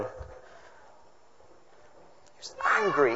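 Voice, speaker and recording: A man at a family service, reading a Bible story aloud and explaining it to the children in a chatty way, with quick asides to the audience. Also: fairly high pitch, expressive. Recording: echoey hall, dull lo-fi sound, faint noise.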